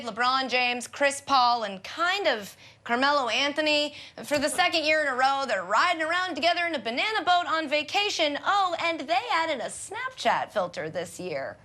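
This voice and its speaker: A woman's voice: sits high, bright, forceful tone, slight background noise. A woman hosting a comedic sports segment, sarcastic and joking, often laughing at her own lines. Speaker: host.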